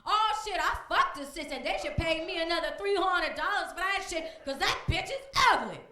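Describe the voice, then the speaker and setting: A swaggering deadbeat man boasts crudely and loudly, as a female comic acts him out. The voice stays high and bright and bounces around a live comedy club. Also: lively intonation, normal speed, soft background music, full character voice. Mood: boastful. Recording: echoey live club room.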